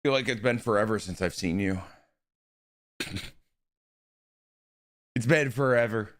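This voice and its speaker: A man's voice: fairly low pitch, measured pace, fairly bright tone. A young man streaming live, talking casually and with energy to his chat and greeting viewers by name.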